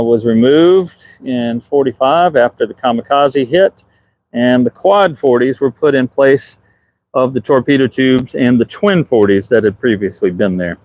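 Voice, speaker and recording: A man with a Southern US accent talks casually through a live stream, filming from outdoors on a ship's deck. He answers viewer comments as he goes, in a voice of middling pitch, picked up by a handheld phone. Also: a little slow, darkish tone, poor audio. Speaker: ship superintendent.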